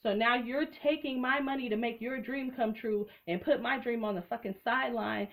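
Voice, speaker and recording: A woman's voice: fairly high pitch, normal speed. A young woman giving a casual, blunt and profane commentary, full of sassy asides. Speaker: reality TV commentator.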